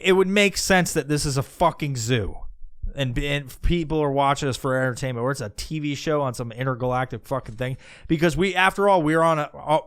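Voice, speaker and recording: A man's voice: on the high side, clear, resonant tone. A man hosting a podcast, delivering a crude, mocking rant full of swearing. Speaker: podcast host. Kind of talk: profane ranting podcast monologue.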